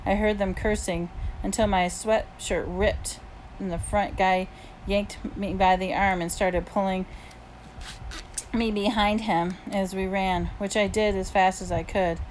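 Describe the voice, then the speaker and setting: A woman's voice: medium pitch, steady tone, measured pace, a little hiss or hum, rough recording. A woman reading a novel aloud in the first person, with plain, easygoing storytelling. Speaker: audiobook reader.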